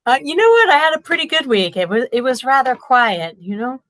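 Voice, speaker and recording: A woman's voice: sits high, very animated, a little fast, fairly bright tone. A woman who edits a magazine, telling stories in a chatty, amused way on a casual chat show. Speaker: magazine editor-in-chief.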